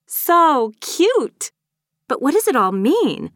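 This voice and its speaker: A dramatic, chatty girl who gushes at every little thing, played by a woman reader. Her pitch sits high and swoops with delight. The sound is dry and close. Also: big pitch swings, moderate pace, no room sound. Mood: gushing. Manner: dramatic, gushing. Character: chatty dramatic girl, fussy about hair. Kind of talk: audiobook character reading.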